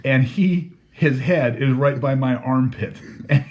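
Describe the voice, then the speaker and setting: A man's voice: mid-range voice, slow pace, few pauses, darkish tone, dull audio. A man telling a story casually, laughing through his words and swearing freely. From Canada.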